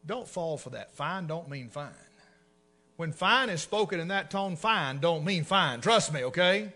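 A middle-aged man, preaching a humorous sermon in a folksy storytelling way, swinging between loud and hushed. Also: fairly high pitch, animated, a little slow.

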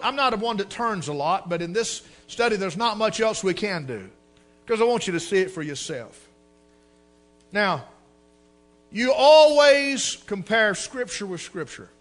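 A man preaching a sermon with fervor, his voice climbing into shouts. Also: high-pitched, lively intonation, measured pace, faint music behind. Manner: fervent, rising to shouts.

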